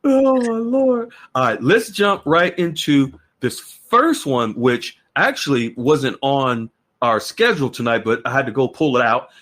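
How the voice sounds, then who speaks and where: A man's voice: mid-range voice, animated, a little slow, hardly any pauses, fairly bright tone. A man hosting a podcast in an earnest, repetitive way, often restarting his sentences. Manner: earnest, repeats words and restarts. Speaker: podcast host. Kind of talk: casual podcast talk.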